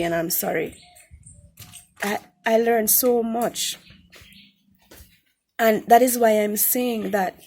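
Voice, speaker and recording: A woman's voice: medium pitch, vocal fry, darkish tone, slightly rough. A woman giving an earnest spoken Christian testimony, repeating phrases for emphasis. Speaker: testimony speaker.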